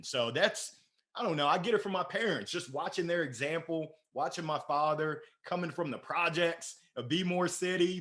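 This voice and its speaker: A man from Maryland, a podcast guest, telling stories in a playful, energetic, animated way. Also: a little high. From Maryland, USA. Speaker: podcast guest, sales director. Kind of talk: casual interview storytelling.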